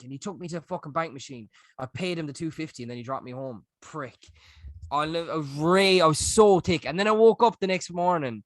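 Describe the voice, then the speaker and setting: Young Irish male podcast co-host, animated sweary storyteller, slightly high voice, dry sound. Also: fairly quick, dry recording. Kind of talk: casual chat.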